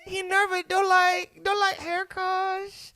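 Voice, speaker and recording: A man doing a high cooing hairdresser lady. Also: monotone, takes it slowly, sharp tone, exaggerated voice. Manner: high, cooing, clipped broken phrases. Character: fussy female hair stylist cooing at a boy.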